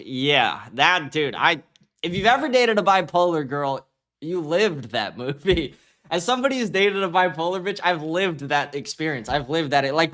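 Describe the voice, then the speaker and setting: A man's voice: a little high, a bit bright. A man hosting a livestream in casual commentary, talking in a loose, profane, rambling way and laughing at his own stories. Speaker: livestream host.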